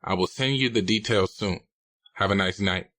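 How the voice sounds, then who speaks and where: A man's voice: low-pitched, moderate pace, bright, forceful tone, no echo. A man reading a novel aloud, putting on the voice of a blunt drug supplier with a thick Spanish accent. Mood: commanding.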